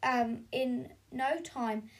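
A woman reading a children's story aloud, animated and adding sound effects, sometimes stumbling over the words. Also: high-pitched, drawn-out words. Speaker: reader.

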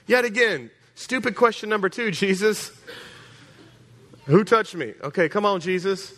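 A man preaching a sermon as pastor, animated and joking, acting out voices. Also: sits high, measured pace. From Texas.

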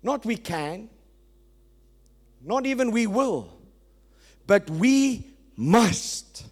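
A man preaching a sermon as pastor, emphatic and swinging between loud declarations and quiet asides. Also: sits high, expressive, very slow, pauses often, slightly rough.

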